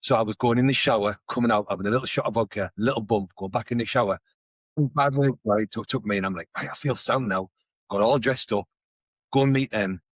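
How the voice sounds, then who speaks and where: Fast-talking husky man. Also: lowish voice, dry recording. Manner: fast, slangy, swears freely. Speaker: podcast co-host. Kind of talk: casual storytelling chat.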